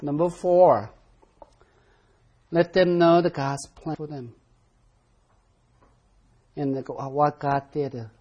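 A teacher leads a Bible study, speaking with a husky, slightly breathy voice. Key words and verse references come back again and again for emphasis, and students are invited to read aloud between points. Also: mid-range voice, fairly even intonation, takes it slowly, pauses often, dark tone, highs cut off. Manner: calls on class members to read aloud.

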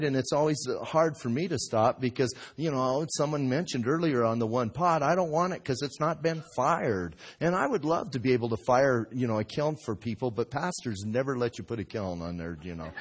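Husky-voiced folksy preacher man, middle-aged. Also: expressive, normal speed, hardly any pauses. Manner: folksy storytelling, acts out voices with big swings in pitch and loudness. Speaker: pastor. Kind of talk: sermon. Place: church.

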